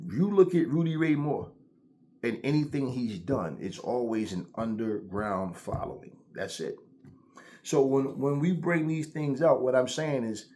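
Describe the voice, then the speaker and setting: A man hosting a commentary vlog, ranting in a blunt, profane, animated way. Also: mid-range voice. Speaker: channel host.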